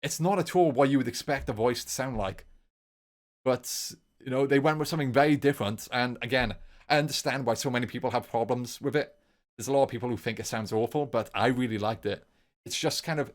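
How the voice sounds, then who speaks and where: Rambling male film reviewer. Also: medium pitch. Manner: rambling, repeats his points over and over; enthusiastic, informal and profane. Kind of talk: long rambling solo review.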